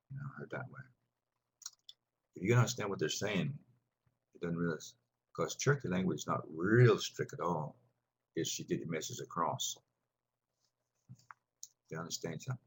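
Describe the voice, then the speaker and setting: A man's voice: sits low, normal speed, long pauses, breathy edge. A man teaching a language class, patiently explaining and repeating words for his students in a rambling way.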